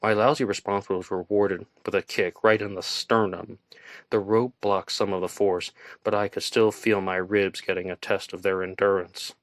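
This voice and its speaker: A man reading a first-person thriller audiobook in a tense, measured storytelling manner. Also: lowish voice, level tone, no echo. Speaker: audiobook narrator.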